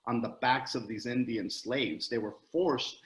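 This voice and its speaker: A male guest comedian telling a story in a casual, profane, animated and digressive way. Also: medium pitch, a little slow, echoey room, poor audio.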